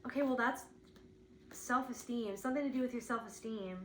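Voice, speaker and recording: A woman's voice: fairly high pitch, a little fast, echoey room, a little hiss or hum, low-quality recording. A woman giving an intuitive spiritual reading, thinking aloud in a searching, rambling way, with lots of "like". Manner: searching, rambling, heavy use of "like".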